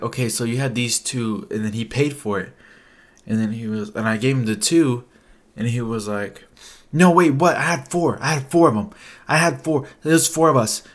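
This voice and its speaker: A man's voice: mid-range voice, a bit bright. A young adult man telling a casual storytime vlog, rambling and profane, with lots of "like" fillers. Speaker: vlogger.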